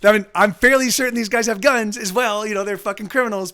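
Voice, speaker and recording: A man with a high voice tells a long story on a live stream in casual chat. He rattles along quickly, swearing freely and stopping often to correct himself. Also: fairly even intonation, sharp tone, smooth. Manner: rambling, profane, full of self-corrections.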